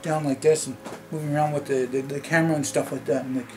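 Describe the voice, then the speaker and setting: A man's voice: a little high, fairly even intonation, fast talker. A man vlogging a rambling, annoyed movie critique to camera, full of fillers and restarts. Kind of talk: casual movie rant to camera. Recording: music playing clearly behind the voice.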